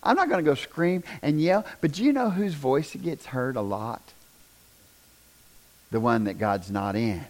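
A man preaching a sermon, folksy and repetitive, swinging from shouts down to near-whispers. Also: mid-range voice, expressive, measured pace. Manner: folksy, repeats "do you understand".

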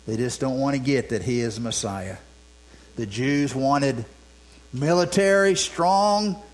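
A man's voice: mid-range voice, poor audio. A man preaching a sermon in a conversational way, with many restarts and rhetorical questions. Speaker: pastor. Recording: mains hum.

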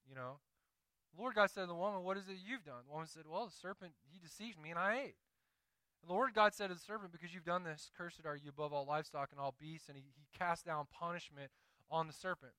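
A man with a Southern accent preaching a sermon in an animated, conversational way, slipping into quick acted asides. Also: fairly high pitch, clear, resonant tone, no echo, rough recording. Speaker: pastor.

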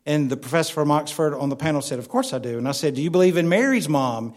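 A man's voice: fairly high pitch, lively intonation, quick pace. A man preaching a sermon in a conversational way, often asking the congregation questions. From United States. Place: church.

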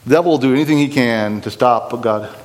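A man's voice: mid-range voice, fast, rough recording. A man preaching a sermon, blunt and impassioned, pressing his points with rising urgency.

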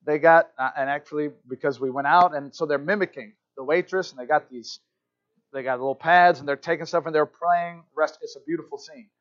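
A man's voice: on the high side, fairly quick, lo-fi sound. A man in his thirties, a pastor, preaching a sermon in a church in a conversational, self-deprecating storytelling way, with frequent restarts. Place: church sanctuary.

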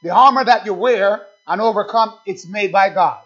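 High-pitched preacher guy, repeats himself a lot, says amen, kinda dull lo-fi sound. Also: moderate pace, a bit bright. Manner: repetitive, emphatic preaching with call-outs of "amen". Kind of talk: sermon.

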